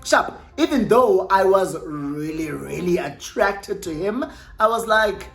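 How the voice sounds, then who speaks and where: A woman's voice: mid-range voice, lively intonation, unhurried, faint music behind. A young South African woman telling a casual storytime vlog, chatty and self-correcting, slipping in Xhosa words. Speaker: YouTuber.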